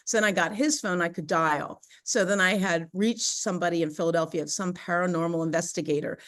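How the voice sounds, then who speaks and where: A woman as a podcast guest, telling a personal story in animated, chatty conversation with frequent fillers. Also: lowish voice, fairly quick. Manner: animated, chatty, laughs often, many "you know" and "right?" fillers.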